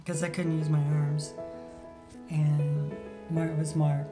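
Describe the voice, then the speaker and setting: A woman tells her personal life story as a radio guest, over music, her voice sitting low with a completely flat delivery. She speaks haltingly, full of "like" and "you know," and drops to a hushed tone at tender moments.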